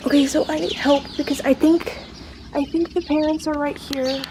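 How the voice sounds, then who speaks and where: A woman's voice: sits high, steady tone, moderate pace, noisy background. A woman vlogging outdoors on a handheld phone, flustered and shaky, breathing heavily and slipping in and out of whispers. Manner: flustered, repeats herself, drops into whispers. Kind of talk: casual vlog filmed on the spot. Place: outdoors by a tree below an apartment. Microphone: handheld camera phone.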